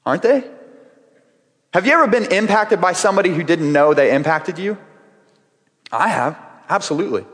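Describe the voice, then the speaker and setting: A man's voice: high voice, animated, moderate pace, long pauses, fairly bright tone. Earnest male preacher in a reverberant hall. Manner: earnest, conversational preaching with frequent restarts. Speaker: pastor. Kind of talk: sermon. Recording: long reverb of a large hall.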